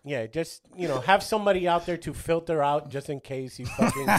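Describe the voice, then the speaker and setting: A man with a slightly high, very lively voice whose pitch swings all over. He co-hosts a podcast, talking loose and profane, with sudden loud bursts. He sounds energetic and playful. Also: fairly quick. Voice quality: animated, profane, bursts into shouts. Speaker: podcast co-host. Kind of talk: casual podcast chat.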